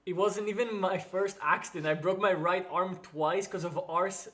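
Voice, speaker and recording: A man chatting casually on a stream, telling animated stories and laughing often. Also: sits high, normal speed.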